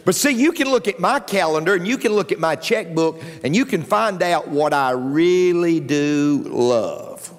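Animated preacher in a big hall. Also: male voice, a little slow, hardly any pauses. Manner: animated preaching with jokes, voice leaping up in pitch. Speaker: pastor. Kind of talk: sermon. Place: church sanctuary. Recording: long reverb of a large hall.

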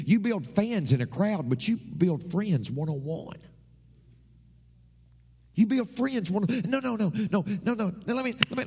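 A man's voice: sits high, vocal fry, a little mellow, breathy edge. A man preaching a sermon as a pastor, emphatic and repetitive, his voice swooping up and down. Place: church. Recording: long reverb of a church hall.

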